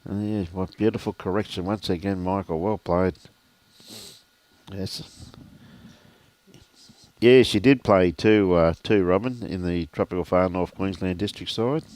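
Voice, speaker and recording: A deep-voiced older Australian man calls a lawn bowls match in an easy, chatty way, greeting viewers as he goes. His voice sits low and sounds dry and close to the mic. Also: a little slow, long pauses, darkish tone, no room sound. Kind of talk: live sports commentary. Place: outdoor bowls club.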